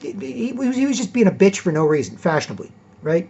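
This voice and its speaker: Husky-voiced man lecturing, lo-fi sound. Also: high voice, big pitch swings, quick pace, darkish tone. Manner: rambling, emphatic, tags lines with "right?"; swears freely. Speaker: vlogger. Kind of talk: casual lecturing monologue. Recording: dull lo-fi recording.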